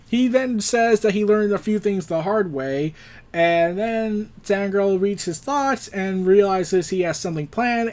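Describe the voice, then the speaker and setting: A man recapping a comic book issue in casual commentary, acting out the quotes and adding sarcastic asides. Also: high voice. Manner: retells the plot, acts out quotes, adds sarcastic jokes.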